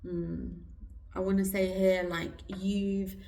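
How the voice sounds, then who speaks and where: A woman giving an intuitive card reading in a slow, soft, reflective way with pauses, her throat going hoarse, recorded indoors. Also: medium pitch, little pitch movement. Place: indoor room with incense burning. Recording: roomy, distant mic.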